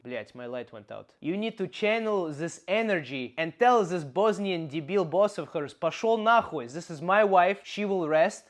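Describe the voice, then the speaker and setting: A man's voice: a little high, lightly acted. A young man putting on a Russian accent as a blunt Slavic uncle giving mock-stern comedic advice in broken English. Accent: put-on Russian. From Canada. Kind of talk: comedic character advice show.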